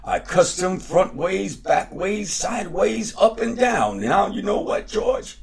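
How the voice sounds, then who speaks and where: A man's voice: medium pitch, sing-song, measured pace, husky, voice pushed up. A man voicing a sly, boastful enslaved trickster who drawls out his brags in a raised voice.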